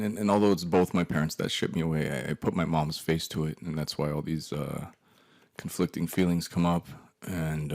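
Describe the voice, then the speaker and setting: A man's voice: deep voice, darkish tone. A man telling a personal story to an audience, emphatic and profane, muttering curses under his breath. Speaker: guest speaker.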